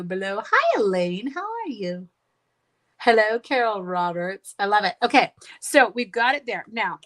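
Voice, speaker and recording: Middle-aged woman, crafting livestream host, chatty, mid pitch, talks to herself and viewers. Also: a bit bright. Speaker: card-making livestream host. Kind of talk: casual livestream crafting chat.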